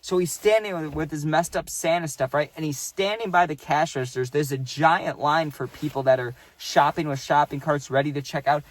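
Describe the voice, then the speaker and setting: Brief: young male vlogger with a slightly high voice, casual, swears freely, dry close sound. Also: moderate pace, hardly any pauses, no echo. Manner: rambling, profane, says "dude" and "right?". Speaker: vlogger telling a story. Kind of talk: casual storytime.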